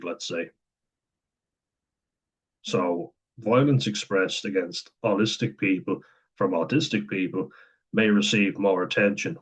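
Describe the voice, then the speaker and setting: A man's voice: deep voice, slightly rough. A man vlogging in a rambling, candid way, swearing casually and laughing often as he reads and comments. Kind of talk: casual talk to camera, reading and commenting.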